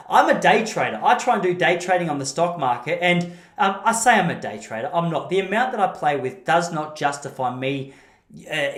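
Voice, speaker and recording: A man's voice: fairly high pitch, roomy sound. An Australian man hosting a podcast, delivering a blunt, rambling opinion monologue with casual swearing. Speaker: podcast host.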